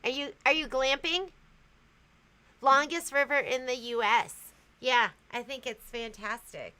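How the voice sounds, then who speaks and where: A woman's voice: high-pitched, a little slow, pushed and bright, clear, resonant tone, poor audio. A woman hosting a casual livestream, chatting loosely and reading viewer comments aloud, often trailing off and restarting. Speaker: livestream host.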